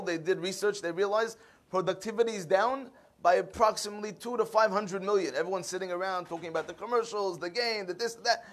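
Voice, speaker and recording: A man giving a sermon as a rabbi in a synagogue, telling a story and acting out the dialogue. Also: high-pitched.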